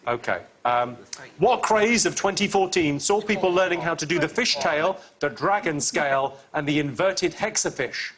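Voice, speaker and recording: A man hosting a comic quiz show in a TV studio, delivering dry, deadpan one-liners. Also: on the high side, normal speed, a crowd in the background. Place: TV studio with live audience. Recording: studio with clear audience laughter.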